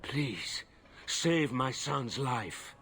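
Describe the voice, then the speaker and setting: Worried middle-aged nobleman, mid-pitched, pleading, game dialogue. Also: sing-song, very slow, a bit bright, soft background music, full character voice. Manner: pleading, exasperated. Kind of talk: video game voice acting.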